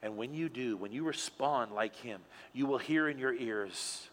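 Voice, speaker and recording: A male pastor preaching a sermon in an animated storytelling way, dropping quiet for emphasis. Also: medium pitch, unhurried, a little hiss or hum. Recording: long hall reverb.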